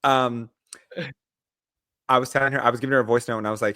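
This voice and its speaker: Young male host, mid-pitched voice, dry close recording, playful and teasing. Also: fairly even intonation, bright, forceful tone, smooth, no echo. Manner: teasing, dramatic, talks in a drawn-out playful way. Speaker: podcast host. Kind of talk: casual chat.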